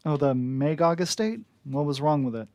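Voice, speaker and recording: A man's voice: on the high side, lively intonation, normal speed, a little mellow, dry recording. Dude voicing a no-nonsense dragonborn lady mayor, matter of fact, dry close sound. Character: brisk female bronze dragonborn mayor.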